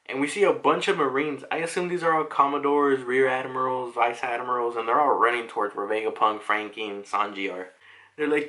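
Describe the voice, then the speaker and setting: A man's voice: medium pitch, brisk, sharp tone. A young man casually recapping a comic chapter, chatty and laughing, with frequent swearing. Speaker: manga reaction youtuber.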